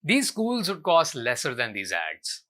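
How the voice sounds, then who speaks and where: A man's voice: on the high side, wildly swooping pitch, unhurried, sharp tone. A young Indian man, a comedian hosting his show, delivering a scripted commentary rant with exasperated sarcasm.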